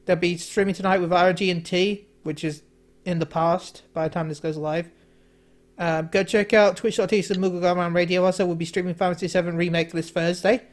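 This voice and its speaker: A man's voice: sits high, little pitch movement, fairly quick. A man co-hosting a casual podcast chat, hesitant, with many fillers. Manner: hesitant, lots of uh and um. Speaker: podcast co-host.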